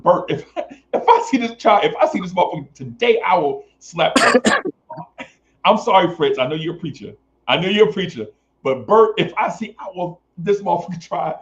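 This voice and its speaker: A man whose voice is a little high casually tells a long story on a podcast, the audio sounding dull. He's animated, swears, and acts out the other voices.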